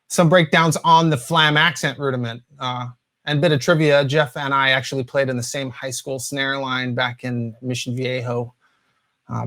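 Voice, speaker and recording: A man in his forties from the US West Coast walks through drum rudiments in an easygoing teaching voice. His pitch sits a little above the usual male range, and he fills gaps with uhs and ums. Now and then he counts aloud or sings the patterns. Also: fairly bright tone. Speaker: drum instructor. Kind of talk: instructional talk.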